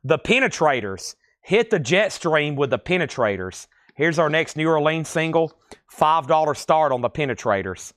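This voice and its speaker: A man with a lilting Tennessee accent hosting a live-stream record sale, reading titles, conditions and prices in a steady, easy patter. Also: a little high, moderate pace, no echo, clean studio sound. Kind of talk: live-stream auction selling.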